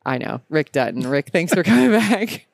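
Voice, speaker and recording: A woman's voice: sits low, sing-song, moderate pace, creaky, no echo, clean studio sound. A woman hosting a podcast interview at a conference, upbeat and chatty, laughing often. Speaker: podcast host. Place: conference exhibit hall.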